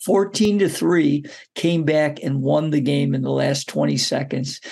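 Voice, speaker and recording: A man, a basketball coach, telling a story as a guest in an interview, lively and often putting questions to the listener. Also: a little high, unhurried, creaky. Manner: animated storyteller who poses questions to the listener.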